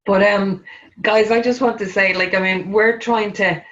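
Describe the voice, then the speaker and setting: A woman's voice: mid-range voice, fairly even intonation, normal speed, fairly bright tone, lo-fi sound. Earnest woman hosting a panel. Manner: chatty, filler-heavy, earnest. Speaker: host. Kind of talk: round-table discussion.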